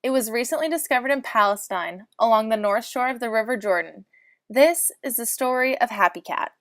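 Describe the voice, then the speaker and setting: A woman's voice: on the high side, fairly quick, fairly bright tone, dry recording, clean studio sound. A woman narrating a comic storybook in mock-solemn lolcat speak.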